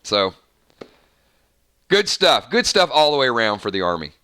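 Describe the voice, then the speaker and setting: A man from the Southern US hosting a live game stream, hyper and rambling with quick asides. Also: medium pitch, big pitch swings, pushed and bright, smooth. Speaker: game host.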